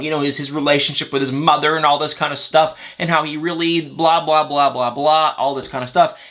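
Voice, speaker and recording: A man's voice: fairly high pitch, bright, forceful tone. A man hosting a celebrity gossip vlog, rambling chattily, correcting his own slips and poking fun at himself. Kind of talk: casual chat.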